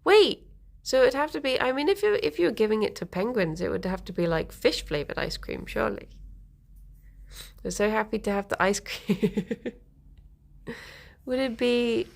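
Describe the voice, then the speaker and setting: A woman's voice: a little high, big pitch swings, moderate pace, creaky, long pauses. A young woman chatting casually on a live stream, giggling and answering viewer comments.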